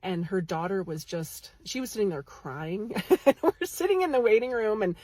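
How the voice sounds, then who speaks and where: A woman speaks in a casual vlog, telling a story with animated energy from a waiting room. Her voice is a little husky and breathy. The sound is close and dry, recorded on a phone held near her. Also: mid-range voice, normal speed, dry recording. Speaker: psychic medium. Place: medical lab waiting room.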